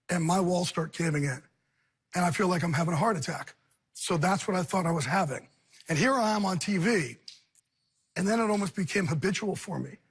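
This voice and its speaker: A man, a guest on a talk show, talking candidly and earnestly in intense rushing bursts. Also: high voice, breathy edge.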